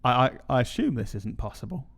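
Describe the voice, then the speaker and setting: A man's voice: mid-range voice, big pitch swings, brisk, vocal fry. A young man chats casually as a podcast co-host, ribbing himself with dry jokes. His voice rises and falls with a lot of movement. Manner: joking, self-mocking. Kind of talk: casual chat.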